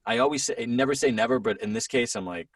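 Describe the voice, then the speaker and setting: A man's voice: medium pitch, big pitch swings, fast talker, vocal fry, dry recording. A man in his thirties, a voiceover actor, chatting as a podcast guest, rambling with frequent restarts. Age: 30s. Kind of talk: casual conversation. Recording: dry sound, a bit distant from the mic.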